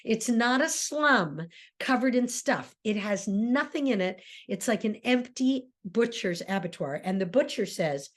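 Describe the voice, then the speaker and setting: Woman lecturer, kinda high voice, punchy, keeps asking the class questions. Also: lively intonation, unhurried. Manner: emphatic, asks rhetorical questions. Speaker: lecturer and theater director.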